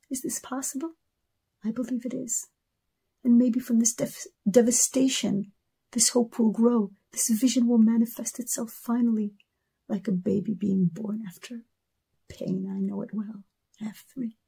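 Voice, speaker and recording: A woman's voice: medium pitch, creaky, mellow, breathy edge. A middle-aged woman with an Israeli accent giving an emotional personal address to camera, earnest and repeating words for emphasis. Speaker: singer speaking to fans.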